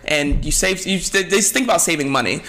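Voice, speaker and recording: A man's voice: on the high side, lively intonation, brisk, bright, forceful tone. A young man from Jamaica in casual chat, telling candid stories with quoted asides.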